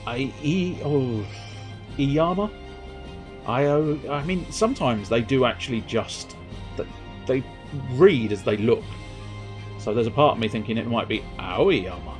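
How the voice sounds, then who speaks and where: A young man streams a video game and chats to viewers, rambling in a self-amused way and now and then singing joke lines. His mid-range voice swings widely in pitch, and he talks unhurriedly with frequent pauses. Faint game music plays behind this casual gameplay commentary.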